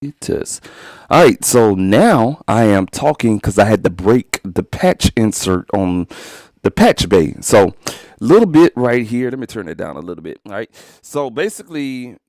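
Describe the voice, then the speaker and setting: Man, deep voice, gravelly, casual gear demo, rambling slangy delivery, dry close studio mic. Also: sing-song, unhurried, a little mellow, dry recording. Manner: laid-back, rambling, slangy with filler phrases. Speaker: music producer demonstrating an audio interface. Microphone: studio microphone into the interface.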